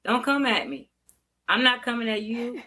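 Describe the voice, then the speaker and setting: A woman's voice: fairly high pitch, expressive, moderate pace, pushed and bright. An older woman, a veteran educator, talking frankly and bluntly as an interview guest, laughing easily. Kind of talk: candid interview talk.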